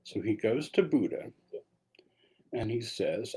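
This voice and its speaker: A man's voice: on the low side, sing-song, slow, pauses often, dark tone, husky. A man giving a dharma talk as a meditation teacher, telling a story in a casual way with asides.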